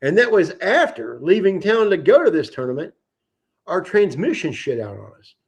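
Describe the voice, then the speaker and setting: Man, livestream host, fairly high voice, casual profane storytelling, animated. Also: normal speed, slightly rough. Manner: animated, profane anecdote-telling.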